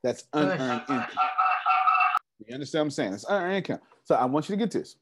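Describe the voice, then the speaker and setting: A business coach speaks to a live audience in a meeting room. His delivery is emphatic and repetitive, full of rhetorical questions thrown at the crowd. His pitch jumps around a lot, sitting at an ordinary middle height for a man. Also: expressive, quick pace, slight background noise. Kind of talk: live seminar talk.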